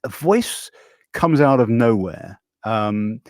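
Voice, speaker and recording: A man hosting a live stream, rambling a little with many ums and restarts, animated and quick to laugh. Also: mid-range voice, no echo. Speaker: host.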